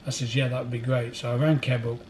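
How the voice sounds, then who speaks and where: A man with a mid-range, slightly mellow voice talks fast and with little pitch movement, over a faint hiss or hum. He's a record collector being interviewed in a record warehouse, rambling through anecdotes, laughing through them, and mimicking other people's voices.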